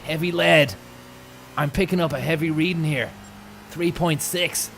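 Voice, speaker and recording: A man doing an excitable older motorsport pundit. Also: on the high side, a little slow, vocal fry, a little hiss or hum. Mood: alarmed.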